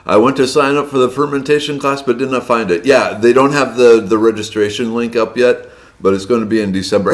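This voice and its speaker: A man hosting a casual live stream from indoors at home, chatting and greeting viewers by name, his voice slightly hoarse. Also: mid-range voice, steady tone, fairly quick. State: slightly hoarse from a long day of loud speaking.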